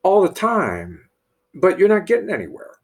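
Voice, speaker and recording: A middle-aged priest with a high voice and huge swings in pitch tells a parable at a moderate pace. Many restarts and repeated words mark his sermon-like lesson drawn from the story.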